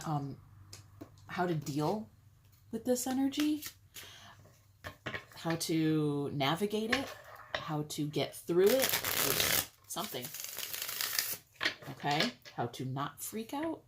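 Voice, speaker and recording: A woman's voice: low voice, animated, slow pace, long pauses, a little hiss or hum. A woman giving a casual tarot reading to her viewers, chatty and blunt, with some swearing. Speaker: tarot reader.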